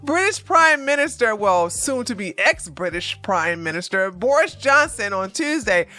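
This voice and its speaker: A woman's voice: medium pitch, big pitch swings, a little slow, pushed and bright, no echo, soft background music. A woman hosting a news commentary show, reading stories aloud and breaking off for sarcastic, mocking remarks. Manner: sarcastic, mocking asides between read-out passages; breaks into laughter while reading.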